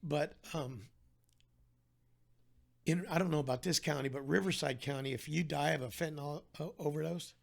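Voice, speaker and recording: A man's voice: on the high side, normal speed, creaky, pauses often. A man talking as a podcast guest, telling his story in an earnest, heartfelt way with frequent restarts. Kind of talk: candid conversational storytelling.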